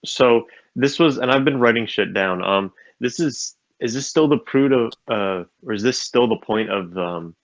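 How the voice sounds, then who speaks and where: A man's voice: mid-range voice, moderate pace, few pauses, no echo. A man judging a debate over a call, stumbling and stuttering as he searches for words. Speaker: debate judge. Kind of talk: casual online debate. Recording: dull lo-fi mic.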